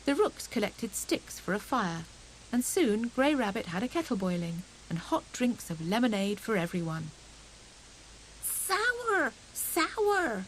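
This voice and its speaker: A woman narrating a children's storybook audiobook in a gentle, expressive storytelling manner. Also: mid-range voice, a little hiss or hum, low-quality recording.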